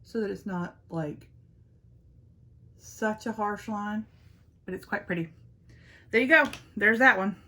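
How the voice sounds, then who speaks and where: A woman's voice: medium pitch, unhurried, long pauses, bright, forceful tone. A young woman chatting playfully through a makeup tutorial as a beauty vlogger. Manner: playful, self-teasing, talks to viewers as y'all.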